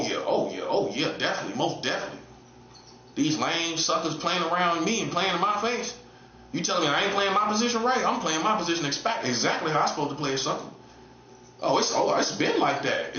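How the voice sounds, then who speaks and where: A man in his late forties taunts his listeners with repeated rhetorical questions, his voice bright and pushed. It swings between high teasing and low, menacing mutters. The sound is roomy and echoey, a little dull and lo-fi. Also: a little hiss or hum. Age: 40s. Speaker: self-styled prophet streamer. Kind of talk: taunting monologue.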